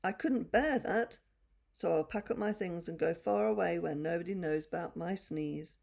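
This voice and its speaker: A woman's voice: on the low side, normal speed, gravelly, darkish tone. A woman doing a boastful storybook donkey. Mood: worried. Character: proud, boastful male donkey, later meek.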